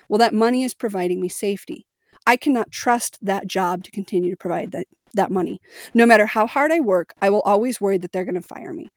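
Young adult woman, podcast co-host, candid and emphatic storytelling, mid pitch, dry recording. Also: no echo. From Missouri, United States. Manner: candid and emphatic, with laughs and fillers. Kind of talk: personal storytelling in a podcast chat.

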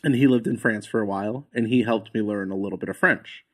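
A comedian guest on a casual podcast chat, telling animated anecdotes and laughing through them. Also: male voice, lowish voice, fast.

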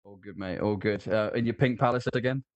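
A man's voice: fairly low pitch, a little fast, no room sound. A man hosting a podcast interview, chatty and easygoing. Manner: chatty, easygoing, laughs along. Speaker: podcast host.

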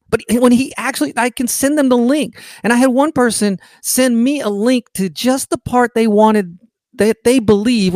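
A man's voice: very high voice, dry recording, clean studio sound. A man hosting a podcast, talking in a sarcastic, indignant monologue, full of restarts, while sick in bed. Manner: indignant, sarcastic, mocks opponents in quoted voices. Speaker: podcast host. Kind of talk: casual political monologue.

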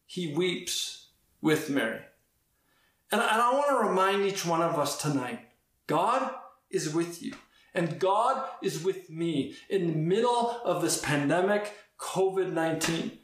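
A man's voice: fairly high pitch, animated, unhurried, a bit bright. A man preaching a conversational sermon, acting out quoted exchanges as he goes. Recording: very roomy, echoey sound.

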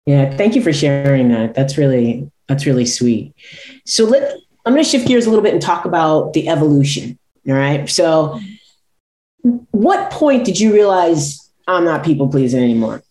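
A woman hosting a conversational interview, reacting warmly and sometimes searching for her words. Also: deep voice, roomy sound. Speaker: podcast host.

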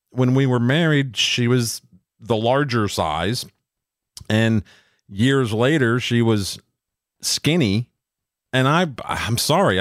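A man's voice: mid-range voice, dry recording, studio quality. A middle-aged man, co-host of a podcast, telling stories in a blunt, profane, casual way. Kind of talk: casual chat.

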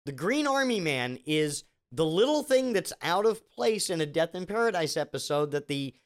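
A man's voice: a little high, sing-song, measured pace. A man delivering a rambling, sarcastic comedic rant, full of restarts and asides.

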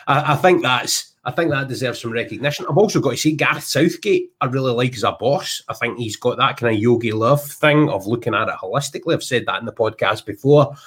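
Chatty Scottish man, husky voice. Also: medium pitch, animated, fast talker, hardly any pauses, fairly bright tone. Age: 30s. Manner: chatty, jokey storytelling. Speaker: podcast host. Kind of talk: casual podcast chat.

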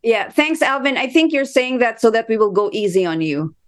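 A woman's voice: a little high, very animated, fairly quick. A woman from the Philippines with a Filipino accent, co-hosting a casual podcast chat, talking in a loose, chatty way with easy laughs. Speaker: co-host asking questions.

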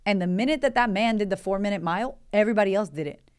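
A woman in her thirties, hosting a motivational podcast as a life coach, talking in an energetic, conversational way and firing off rhetorical questions. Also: mid-range voice, rapid-fire, clean tone.

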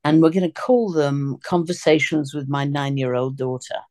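A woman with a low, hoarse, gruff voice hosts a podcast interview. She talks in a loose, chatty way and drops in little asides as she goes. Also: moderate pace, warm tone. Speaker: podcast host.

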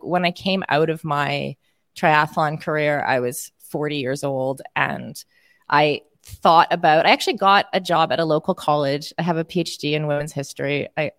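A Canadian woman in her forties talks casually as a guest, her voice set a little low. She is animated and laughs often, leaning on fillers. The sound is close and dry. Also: dry recording. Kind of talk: casual interview chat.

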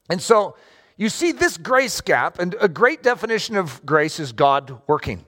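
A man preaching a sermon to a congregation, emphatic and animated, asking rhetorical questions and drawing out key words. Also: high voice, normal speed. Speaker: pastor.

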